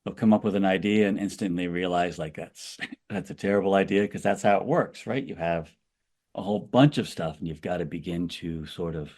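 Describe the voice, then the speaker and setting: A man guest on a podcast talks in a very low voice. He is thoughtful and tends to ramble, with frequent restarts and asides as he explains his ideas. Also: a little fast, darkish tone. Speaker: author guest. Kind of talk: podcast interview.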